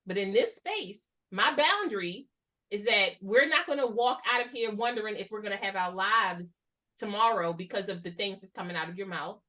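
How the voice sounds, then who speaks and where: A woman hosting a casual conversation, talking in an animated, slangy way and acting out the voices she quotes. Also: mid-range voice, normal speed. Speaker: host.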